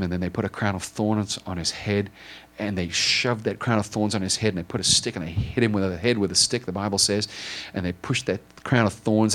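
A man with a somewhat low voice preaches in a loose, conversational way. He stumbles, restarts and strings clauses together with repeated "and"s, earnest and heartfelt as he retells the story. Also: a bit bright. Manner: halting, many repeated ands and restarts; earnest and emotional. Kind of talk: informal sermon retelling a story.

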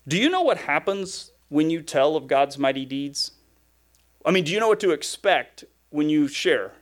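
Man preaching with a higher-pitched voice. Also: very animated, normal speed. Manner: conversational, emphatic preaching with repeated phrases. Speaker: pastor. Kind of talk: sermon.

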